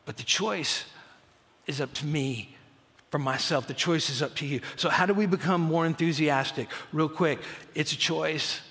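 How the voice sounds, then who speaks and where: A man's voice: a little high, normal speed. Middle-aged male pastor in a reverberant hall. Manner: storytelling, drops to a near-whisper for prayers, rises to loud emphasis. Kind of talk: sermon. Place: church auditorium. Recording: long church-hall reverb.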